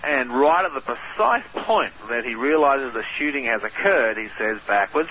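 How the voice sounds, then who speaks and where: A man's voice: mid-range voice, lively intonation, normal speed. An Australian man as a radio guest, explaining eagerly with many fillers. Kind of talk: radio interview. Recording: muffled radio broadcast with faint hiss.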